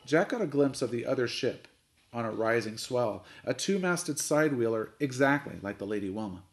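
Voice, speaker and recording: A man, a coach, reading a chapter book aloud with expressive storytelling narration. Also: mid-range voice, normal speed.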